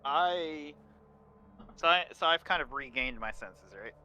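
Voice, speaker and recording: Very bright-voiced male player. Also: on the high side, expressive, a little slow, muffled recording, a little hiss or hum. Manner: casual, questioning. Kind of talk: casual tabletop play.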